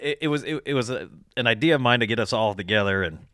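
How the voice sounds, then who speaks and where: A man's voice: mid-range voice, animated, quick pace, a bit bright, dry recording, studio quality. A man hosting a podcast, telling crude stories in casual chat, swearing a lot and laughing as he acts out his friends' lines. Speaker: podcast host.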